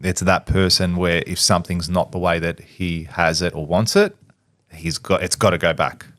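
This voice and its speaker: A man's voice: low voice, steady tone, normal speed, fairly bright tone, dry recording, studio quality. A man, co-hosting a podcast in casual chat, a blunt storyteller who swears and acts out what people said. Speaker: podcast co-host.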